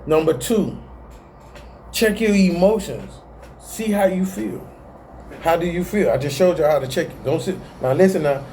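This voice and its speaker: A man's voice: on the high side, moderate pace, dark tone, slight background noise. A man hosting a casual self-help video, talking animatedly in slang and often laughing at himself. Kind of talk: casual motivational talk to camera.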